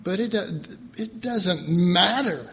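A man delivers a casual, conversational sermon, chuckling as he goes and slipping into quoted voices. His voice sits slightly high for a man and has a gravelly edge. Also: expressive, takes it slowly, fairly bright tone. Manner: folksy, laughing, acts out quoted voices. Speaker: preacher.

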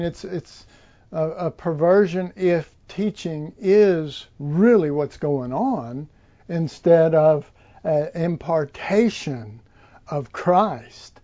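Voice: medium pitch, warm tone, dull audio. A preacher giving an informal Bible teaching, rambling with many fillers and restarts.

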